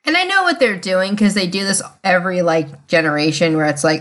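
A woman's voice: fairly low pitch, fairly quick, few pauses, a bit bright. A woman co-hosting a podcast in casual chat, talking in a chatty, exasperated way. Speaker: podcast co-host.

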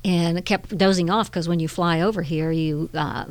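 A woman co-host in casual conversation, her voice sitting a bit low. The sound is dry and close. She chimes in with quick affirmations. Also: fairly even intonation, dry recording. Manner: interjecting, affirming. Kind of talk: casual chat.

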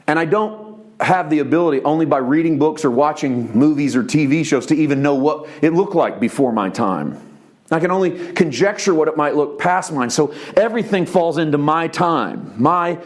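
A male pastor preaching a sermon with animated delivery, dropping soft and low then rising for emphasis. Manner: voices quoted speech in a conversational preacher's tone.

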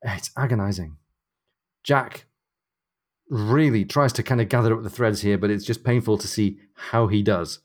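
A man with a fairly low voice chats about a novel on a podcast. He walks through the plot and reads the characters' lines aloud. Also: steady tone, moderate pace. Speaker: podcast co-host. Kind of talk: book discussion chat.

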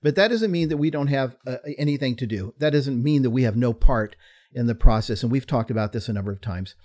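A man with a mid-range voice co-hosts a faith podcast. He explains doctrine in conversation, measured and teacherly. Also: mid-range voice, a little mellow. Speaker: podcast co-host.

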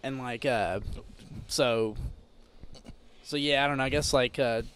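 A man's voice: mid-range voice, fairly even intonation, a little slow, a bit bright, a little hiss or hum. A man in casual chat as a podcast guest, rambling, with lots of fillers and cursing.

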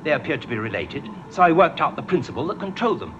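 Eccentric clever time traveller, bouncy voice, muffled old tv sound with hiss. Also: male voice, on the high side, fast talker. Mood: explaining. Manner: lively, explaining patiently. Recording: dull old TV audio with hiss.

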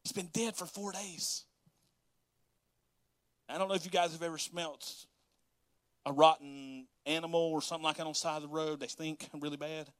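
Male preacher, slightly higher voice, close dry sound, animated delivery with frequent chuckles. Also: brisk, clean tone, no room sound. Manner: animated, laughs often, acts out quotes. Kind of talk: sermon reading and explaining scripture.

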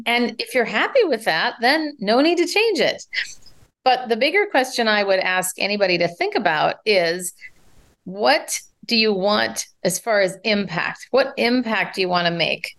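Animated woman speech coach. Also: mid-range voice. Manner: animated, demonstrates vocal variety while explaining. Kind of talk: advice interview.

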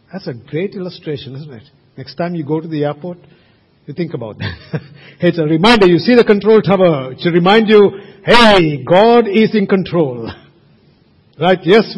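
A man's voice: a little high, husky. A man preaching a sermon at a church service, emphatic and asking his congregation rhetorical questions. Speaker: pastor. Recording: reverberant hall, muffled sound.

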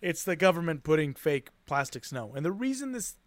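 A man's voice: fairly high pitch, big pitch swings, fairly quick. A man co-hosting a casual podcast who laughs easily and rambles as he explains things. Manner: giggly, rambling, restarts sentences. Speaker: podcast co-host and teacher.

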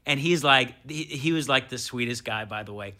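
A man in his thirties, a comedian guest, telling a story in casual chat, animated and swearing as he acts out what people said. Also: mid-range voice, moderate pace.

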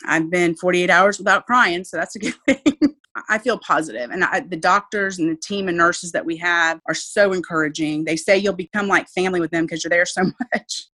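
A woman's voice: lowish voice, normal speed, pushed and bright. A woman, a mother speaking earnestly and with faith about her child's illness in an interview. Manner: heartfelt, faith-filled, earnest. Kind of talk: emotional personal interview.

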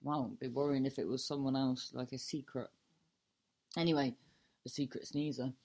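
With an extremely low-pitched, fairly evenly intoned voice that's a little mellow, a woman speaks at a moderate pace on her solo podcast. A comedian and host, she improvises a silly story casually, restarting often, swearing freely, and joking at her own expense.

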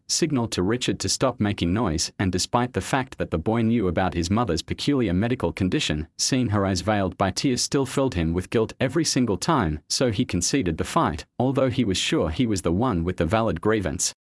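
A man narrating a story in a steady, even reading voice. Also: lowish voice, fairly quick, few pauses, dry recording.

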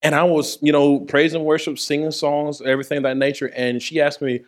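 Chatty preacher man with a higher voice. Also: little pitch movement, a little fast, few pauses. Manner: conversational with playful asides. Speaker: pastor. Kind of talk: sermon.

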